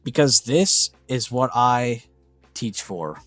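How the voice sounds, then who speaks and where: A young man hosting a casual live trading stream, excitable and gushing, swearing freely. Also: medium pitch, slow pace, no echo. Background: faint background music.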